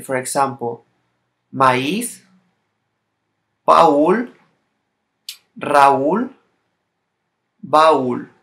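Slow, bright-voiced man teaching a lesson. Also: fairly high pitch. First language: Spanish. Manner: slow, careful, non-native English, reading out word lists. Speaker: Spanish teacher. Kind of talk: recorded language lesson.

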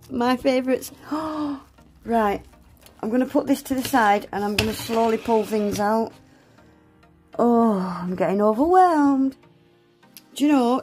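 In a casual vlog, a young nail art vlogger unboxes gifts, her voice on the high side with a darkish tone. She gasps and exclaims often and swears casually.

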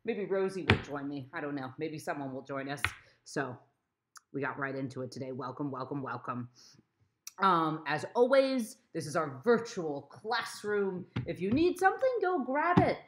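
A woman teacher opening a virtual classroom lesson in a playful, animated way, adding silly sound effects. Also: sits low, normal speed. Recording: echoey room with faint noise.

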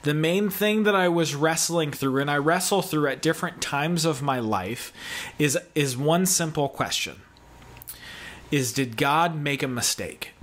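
A man's voice: on the high side, animated, a little slow, fairly bright tone. Chatty, joking man preaching. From American South. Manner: jokey, chatty, self-deprecating. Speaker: guest pastor. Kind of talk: casual video sermon.

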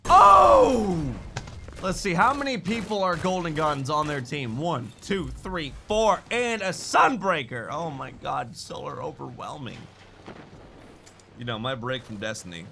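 Young male gamer, lively, slightly high, jokey and loud, gunfire audible under him. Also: a little slow, gravelly. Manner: excitable, jokey, sudden shouts. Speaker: gaming YouTuber. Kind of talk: live gameplay commentary. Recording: gunfire noise behind voice. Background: game gunfire.

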